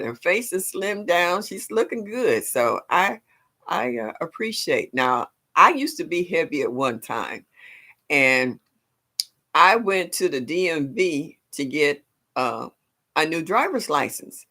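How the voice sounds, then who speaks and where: Bright-voiced older woman. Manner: chatty, laughs often, voice jumps high when greeting viewers. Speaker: livestream host. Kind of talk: casual live-stream chat with viewers.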